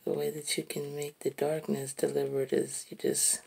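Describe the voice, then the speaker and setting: A woman musing aloud while she draws, slow and reflective, sometimes dropping to a soft whisper. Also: sits low, little pitch movement, vocal fry, slightly rough. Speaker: artist narrating while drawing. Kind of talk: reflective casual monologue.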